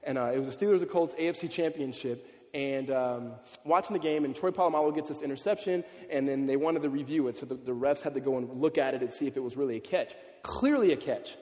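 A man's voice: mid-range voice, quick pace, a little mellow, big-room sound. A man preaching a sermon in a loose, conversational way, often asking "right?" and repeating words as he goes. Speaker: pastor.

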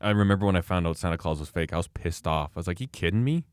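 A man's voice: low voice, rapid-fire, clean tone, no room sound, studio quality. A middle-aged man co-hosting a podcast, chatting casually and telling stories with lots of laughter. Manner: animated, laughing storyteller. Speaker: podcast co-host. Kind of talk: casual chat.

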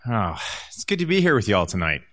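A man's voice: lowish voice, big pitch swings, quick pace, background noise. A man of forty, a church elder, sharing his personal testimony in a candid, conversational storytelling manner with touches of self-deprecating humor. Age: 40s.

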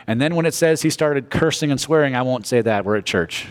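Guy preaching at church, super animated, acts out all the characters, cracks little jokes, medium pitch. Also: fairly quick. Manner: animated storytelling, acting out characters; jokey asides. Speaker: pastor. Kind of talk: sermon.

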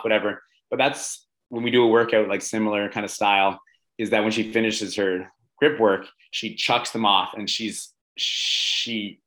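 A male coach talks in a casual interview, his voice sitting low. He speaks with eager enthusiasm, padding his sentences with plenty of "um" and "like" as he goes. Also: a bit bright, low-quality recording. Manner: enthusiastic, many fillers like "um" and "like".

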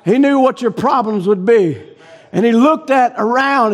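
Male pastor, very high-pitched, delivers a sermon in shouting bursts with quiet dips. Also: normal speed. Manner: shouting preaching cadence that drops low and soft. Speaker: preacher.

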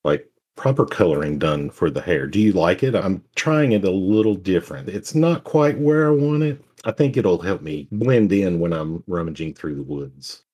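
A man speaking as a player in a tabletop game, relaxed and low-key. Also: moderate pace, few pauses, husky. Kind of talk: in-character roleplay chat.

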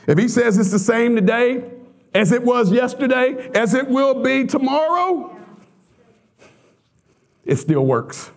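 A man preaching a sermon as pastor, telling stories with laughter and sudden high excited outbursts.

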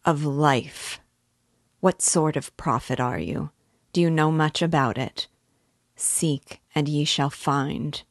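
An earnest middle-aged investigator pleads with slow, patient insistence, read by a woman in her own low, unhurried voice. The sound is dry and close, with no room around it. The manner is fatherly and pressing. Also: dry recording, exaggerated voice.

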